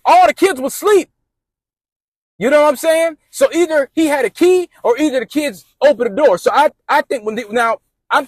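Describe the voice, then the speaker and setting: Man, high voice, casual storytime, slangy and rambling, quoting friends, dry close sound. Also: dry recording.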